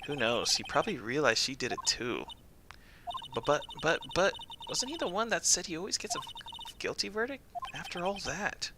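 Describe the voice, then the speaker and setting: A man's voice: a little high, very animated, normal speed, noisy background, pitched above the performer's own voice. Man reading an eager young woman sidekick. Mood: urging.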